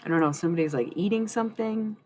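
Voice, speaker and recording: A woman's voice: mid-range voice, fast talker, dark tone. A woman chatting casually on a live stream, rambling and candid, swearing freely. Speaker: livestreamer.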